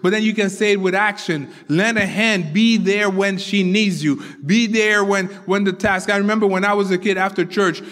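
A man's voice: sits high, fairly even intonation, moderate pace, hardly any pauses, fairly bright tone. A man preaching a sermon with earnest conviction, repeating his key phrases for emphasis. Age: adult father of four children. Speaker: pastor. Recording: long hall reverb.

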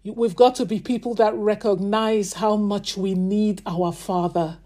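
Fervent woman leading slow prayer. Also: mid-range voice, fairly even intonation, mellow. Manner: fervent, drawn-out chanting and sung refrains. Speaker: prayer leader. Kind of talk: prayer ministry over a hotline.

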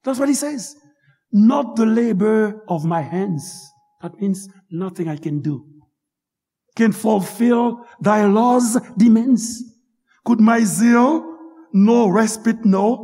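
A man preaching a fervent sermon, rising to shouts and dropping to hushed pleas. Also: sits high, slightly rough.

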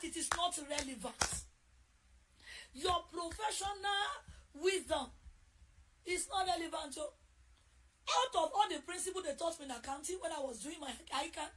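A middle-aged woman with a Nigerian accent preaching a sermon, repeating key phrases and shouting them for emphasis. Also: extremely high pitch.

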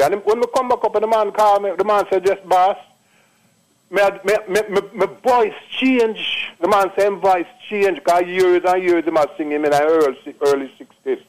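A man's voice: sits high, rough recording. Older Jamaican man, emphatic caller. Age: late 60s. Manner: repeats himself, drops into patois, emphatic. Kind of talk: phone-in testimonial.

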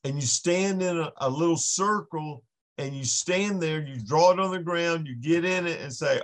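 A man with a somewhat high voice shares a heartfelt faith testimony as a podcast guest. He talks in an earnest, storytelling way, stopping and restarting his sentences as he goes. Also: normal speed.

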